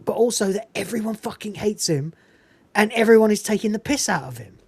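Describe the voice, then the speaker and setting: A woman's voice: medium pitch, lively intonation, fairly quick, slightly rough, no room sound. A woman hosting a podcast, chatting casually and enthusiastically about a film, swearing freely and laughing often. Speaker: podcast host reviewing a film. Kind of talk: casual chat.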